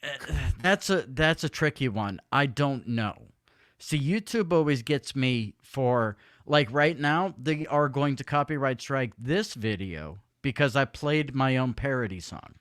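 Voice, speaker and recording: A man hosting a casual live-stream interview, agreeable and quick to laugh. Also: medium pitch, animated, fairly bright tone, no room sound, studio quality. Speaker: interview host.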